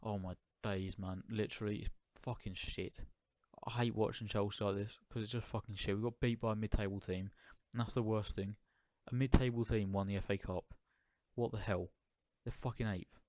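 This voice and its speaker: A man's voice: fairly low pitch, steady tone, moderate pace, darkish tone. A young man ranting angrily about a match, swearing and stumbling over restarts. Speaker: football fan vlogger. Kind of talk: angry post-match rant.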